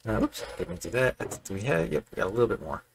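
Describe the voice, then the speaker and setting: Chatty gravelly man with a drawl. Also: medium pitch, very animated, fast talker, a little hiss or hum. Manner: rambling, chatty, self-correcting. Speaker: Minecraft building creator. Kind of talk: casual gameplay commentary. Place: home room.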